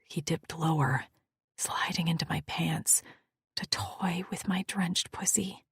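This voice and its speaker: Woman narrator, whispered audiobook read, very breathy, slow unhurried delivery. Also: low-pitched, no room sound, studio quality. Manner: intimate, hushed.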